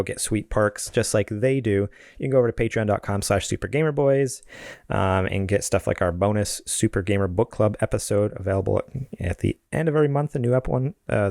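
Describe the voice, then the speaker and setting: A man co-hosting a casual gaming podcast, reading sponsor shout-outs and listener mail. He laughs easily and rambles, with fillers and self-corrections. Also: lowish voice, creaky, dry recording, studio quality.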